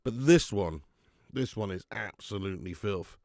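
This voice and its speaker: A man's voice: on the low side, expressive, normal speed, darkish tone, no room sound, clean studio sound. Sick, sweary man hosting a football watch-along. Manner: sweary, blunt banter with viewers. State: sick with flu, sweating. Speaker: football fan channel host. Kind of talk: live match watch-along chat.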